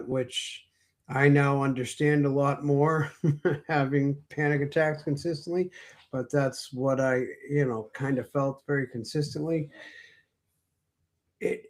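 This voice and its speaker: Slow soft-spoken guy on an interview, pausing a lot, mid-range voice. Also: medium pitch, steady tone. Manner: slow, reflective, hesitant with fillers. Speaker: guest. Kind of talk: interview storytelling.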